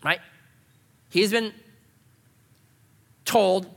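A man's voice: sits high, lively intonation, slow pace, pauses often, bright, forceful tone. A man preaching a sermon, telling anecdotes and acting out the voices of the people in them. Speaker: pastor. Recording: long hall reverb.

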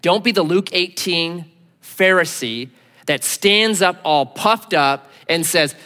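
Animated male pastor in a reverberant hall. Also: high-pitched, slow. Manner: animated, conversational, acts out quotes in a raised voice. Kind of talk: sermon.

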